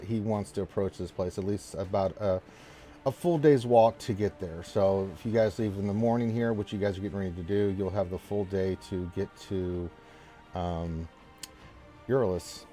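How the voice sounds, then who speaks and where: A man's voice: lowish voice, mellow. A man narrating as game master, rambling and joking, often breaking off mid-sentence. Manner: rambling, joking, self-interrupting.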